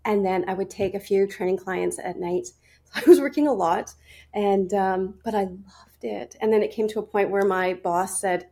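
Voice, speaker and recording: A woman's voice: mid-range voice, moderate pace, warm tone. A woman in her forties, a fitness and nutrition coach, chatting as a podcast guest, with frequent laughs and restarts. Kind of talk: casual interview storytelling.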